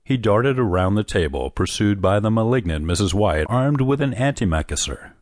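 A classic short story is narrated by a man whose voice runs deep and low, his scripted audiobook reading calm and steady. The close, dry recording carries no room sound at all.

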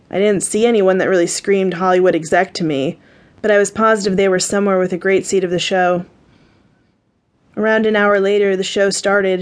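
A woman narrator reading a first-person romance audiobook in an even, measured storytelling manner. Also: medium pitch.

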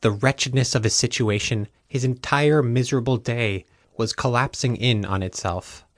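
A man reads a novel aloud in a steady, measured narration. His voice sits in the middle for a man, and the recording is dry and close with no room sound. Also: mid-range voice, dry recording. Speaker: audiobook narrator. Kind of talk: scripted narration.

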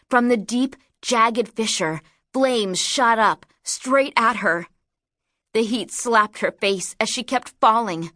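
A woman narrating an audiobook in a measured, dramatic storytelling manner. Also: mid-range voice, a bit bright, no room sound, clean studio sound.

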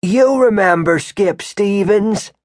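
A man voicing an indignant, suspicious old male shopkeeper in an audiobook, with a husky, rattling voice and slow, pointed questions. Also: high-pitched, a little mellow, no echo, studio quality, voice pushed up. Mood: stiffly polite. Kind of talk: audiobook character voice.

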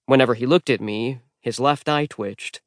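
Casting male audiobook narrator, mid pitch, wry deadpan read, dry booth. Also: moderate pace, no echo. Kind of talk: first-person scripted narration. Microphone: close studio mic. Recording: dry studio recording.

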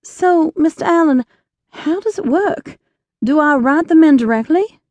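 Woman doing eager young southern gal, earnest and a bit breathless, high voice. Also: lively intonation, unhurried, a little mellow, dry recording.

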